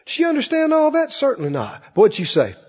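A man's voice: very high voice, huge pitch swings, quick pace, a little mellow, in a large hall, highs cut off. A male pastor preaching a sermon in a church, acting out the voices of Bible figures as he goes.

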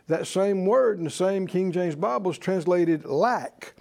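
A man's voice: high voice, animated, a little slow, creaky, darkish tone. A man preaching a sermon to a congregation, emphatic and leading them in call-and-response. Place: church service with congregation.

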